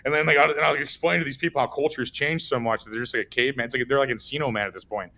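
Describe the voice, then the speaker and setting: A man's voice: mid-range voice, steady tone, racing, creaky, pushed and bright. A man from the United States ranting in a loose, profane chat, rambling and piling up fillers as he goes. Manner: profane, rambling rant full of "like". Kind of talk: casual chat.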